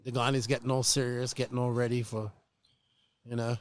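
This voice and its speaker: A chatty man co-hosting a podcast, joking with his partner and circling back to repeat himself. His pitch sits in the middle range for a man. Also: level tone, fairly quick. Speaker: podcast co-host. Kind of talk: casual chat.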